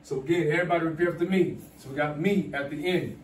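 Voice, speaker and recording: A man's voice: fairly high pitch, fast. A male teacher leading a classroom pronunciation drill, repeating rules and coaxing students to repeat after him. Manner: repetitive, coaxing call-and-response teaching. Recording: echoey classroom from far off, faint hum.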